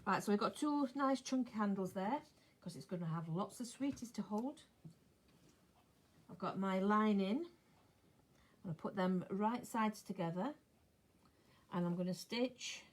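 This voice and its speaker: An older woman chatting casually as she sews, talking to herself and dropping into soft mutters. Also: mid-range voice, unhurried, long pauses. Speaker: sewing vlogger. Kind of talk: casual chat while sewing. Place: home sewing room. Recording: clear sewing machine noise behind.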